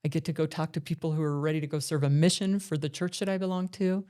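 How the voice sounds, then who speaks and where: A woman's voice: deep voice, steady tone, fast, dark tone. A middle-aged woman hosting a podcast, telling her own life story in an earnest, reflective monologue. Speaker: podcast host.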